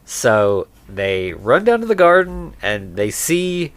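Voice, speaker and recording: A man co-hosting a podcast, casually recapping a movie and putting on quick voices for its characters. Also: medium pitch, sing-song, fairly bright tone, smooth, no echo. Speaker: podcast co-host.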